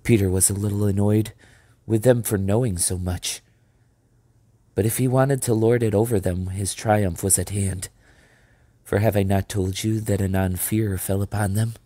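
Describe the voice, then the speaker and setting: Deep, husky man reading a storybook. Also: fairly even intonation, moderate pace, dark tone, dry recording. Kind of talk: reading a children's novel aloud.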